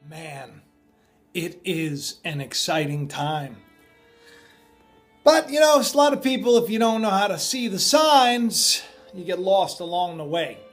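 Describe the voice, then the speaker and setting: High-voiced rambling man, music behind. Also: a little slow. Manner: rambling, chatty, with many fillers and "right?". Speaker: prophecy video host. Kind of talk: casual monologue on end-times signs.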